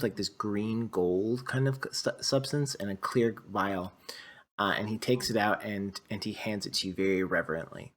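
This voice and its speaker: A man's voice: lowish voice, a bit bright. A man narrating a tabletop game as game master, rambling and restarting often. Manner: rambling, with many fillers and restarts.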